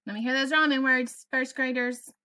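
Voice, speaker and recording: A woman's voice: high-pitched, steady tone, normal speed, bright, forceful tone, clean tone. A woman with a Southern US accent teaching a first grade phonics lesson, stretching and sounding out words for young children. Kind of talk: virtual classroom lesson.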